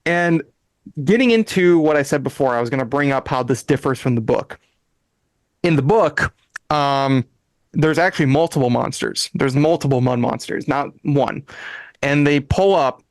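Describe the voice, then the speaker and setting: Animated man retelling a story. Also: a little high, moderate pace, no room sound. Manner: animated, acts out characters' lines in voices; laughs often, restarts sentences. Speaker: podcast host. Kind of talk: casual chat, retelling an episode.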